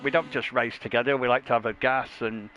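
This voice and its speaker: A man's voice: medium pitch, fairly even intonation, fast talker, bright, forceful tone, dull audio, slight background noise. A man doing casual, jokey race commentary with crude banter and frequent laughter.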